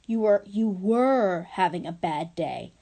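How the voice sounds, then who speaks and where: A woman reads aloud in a medium-pitched, expressive, mellow voice, playing a stern middle-aged female school principal. The character scolds in slow, clipped, emphatic phrases.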